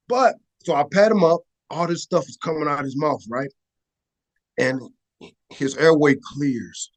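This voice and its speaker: Conversational man telling a war story. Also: mid-range voice. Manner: conversational, repeats "right?" and restarts words. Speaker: podcast guest, former Air Force photographer. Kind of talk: emotional storytelling in an interview.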